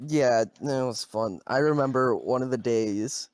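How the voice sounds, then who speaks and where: Young male co-host, relaxed storyteller, dry close mic. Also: mid-range voice, measured pace, clear, resonant tone, no room sound. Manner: laughing, storytelling, swears casually. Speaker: podcast co-host. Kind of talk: casual chat.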